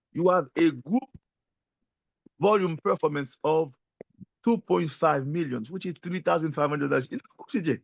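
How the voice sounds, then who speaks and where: A man giving a motivational sales talk as a guest speaker, telling his story in an emphatic, animated way and often turning to the host by name. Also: fairly high pitch, gravelly, dry recording. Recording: dull lo-fi audio.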